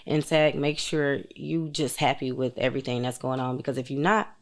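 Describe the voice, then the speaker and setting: A woman's voice: very deep voice, normal speed. A woman from Detroit with a Detroit accent, a podcast guest talking bluntly in a laid-back, slangy way. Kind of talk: casual chat.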